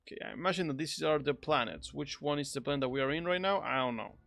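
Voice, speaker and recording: A man streaming a video game, rambling and joking as he reacts out loud. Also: a little high, fast talker, gravelly, dry recording. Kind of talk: casual gameplay commentary.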